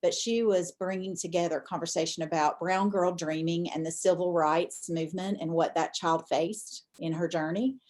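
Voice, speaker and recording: A woman's voice: fairly low pitch, fairly even intonation, normal speed, few pauses, darkish tone. A woman district administrator on a video-call panel, telling a classroom story with passion.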